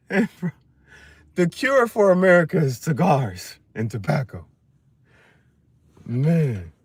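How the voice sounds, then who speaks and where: Laughing, lively-pitched man rambling casually. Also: takes it slowly, long pauses, slightly rough, no room sound. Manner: laughs often, profane slangy banter. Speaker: livestream host.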